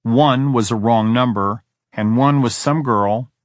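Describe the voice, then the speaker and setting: A man's voice: mid-range voice, a little slow, dry recording, studio quality. A man narrating an audiobook, reading diary entries in a weary, brooding first-person tone.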